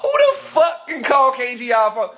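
Man, Washington DC accent, high voice, boastful profane livestream rant, handheld phone camera. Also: huge pitch swings, normal speed, sharp tone. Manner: boastful, swearing, laughing often.

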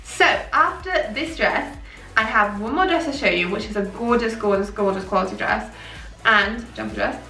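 A young woman chatting casually and excitedly through a clothing haul vlog, with plenty of fillers. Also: fairly high pitch, normal speed, far from the mic, soft background music. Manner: chatty, gushing, filler-heavy. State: out of breath. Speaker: fashion vlogger. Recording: echoey room, voice a little off-mic.

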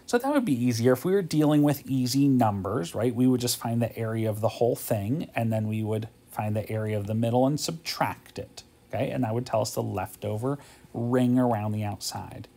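A man's voice: mid-range voice, a little fast, creaky, dark tone. A man teaching a math homework walkthrough, thinking aloud in a casual way, tired and yawning, often checking in with "okay?".

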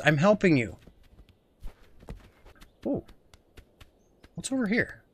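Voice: medium pitch, sing-song, measured pace. A young adult gaming host giving giggly, playful let's play commentary and often talking as the goose.

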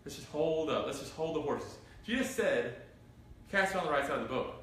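A man leads a Bible study in an animated, rising voice, reading scripture aloud and firing questions at his listeners. He sounds like he is standing well back from the mic in a very echoey room. Faint noise sits under his voice. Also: on the high side, brisk, recorded from a distance. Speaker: pastor. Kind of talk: interactive Bible study sermon. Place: church room.

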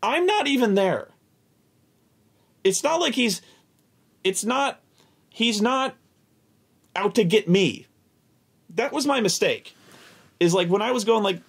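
Man, husky voice, lively swooping pitch, profane exasperated storytelling. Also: slow, long pauses. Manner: animated, profane, exasperated, repeats words. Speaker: host telling a tabletop gaming story. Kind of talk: casual storytelling rant.

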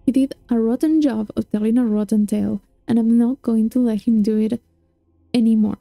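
Sour, growling storybook king, read by a woman; deep-toned and gravelly. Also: steady tone, a little fast, mellow, no room sound. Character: sulking, growling male king.

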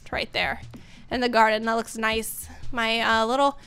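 A woman's voice: fairly high pitch, level tone, moderate pace, vocal fry, pushed and bright, clear, resonant tone. A woman hosting a gaming channel, chatting to viewers in let's-play commentary.

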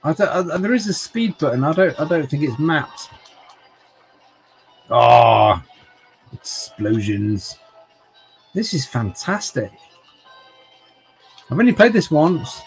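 A middle-aged man talks casually as he streams old games. His voice sits a little high, and he rambles, restarts his sentences and cracks jokes at himself. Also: big pitch swings, slow, vocal fry, long pauses, soft background music, low-quality recording. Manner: rambling, stumbling restarts, jokey. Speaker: streamer playing retro games. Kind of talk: casual livestream chat.

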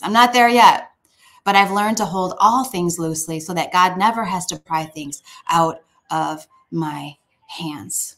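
A woman's voice: fairly low pitch, fairly even intonation, a little slow, fairly bright tone. A woman giving a sermon in a conversational, emphatic way, often restarting her phrases. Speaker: speaker at a church.

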